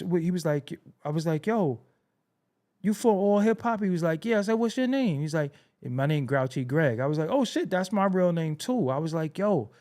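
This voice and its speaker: A podcast host from New York tells a story in his own words, slipping into the voices of the people in it. His voice sits a little high for a man. He talks casually and swears freely. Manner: animated, acts out quoted dialogue, swears freely.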